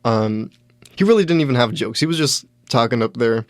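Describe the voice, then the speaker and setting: Young male comic, halting deadpan storyteller, dry close mic. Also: medium pitch, dry recording. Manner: halting, many restarts and fillers, deadpan. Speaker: podcast host, stand-up comedian. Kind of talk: casual solo storytelling.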